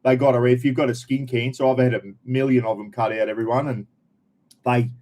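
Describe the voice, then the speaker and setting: A man's voice: mid-range voice, little pitch movement, fairly quick, a little mellow. A middle-aged Australian man hosting a casual live stream, chatting away and greeting viewers by name.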